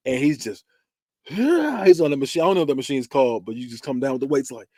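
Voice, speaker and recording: Male podcast host, casual and expressive, swearing freely, with a lively, jumpy delivery. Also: medium pitch, quick pace, no room sound, studio quality. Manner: animated, laughing, swearing, acting out scenes. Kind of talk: casual movie-review chat.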